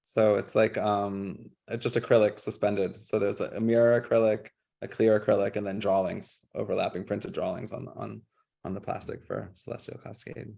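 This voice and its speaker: A man presenting his public art work on a video call, casual and halting, with many fillers and restarts. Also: on the low side, flat delivery, gravelly, warm tone. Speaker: guest artist.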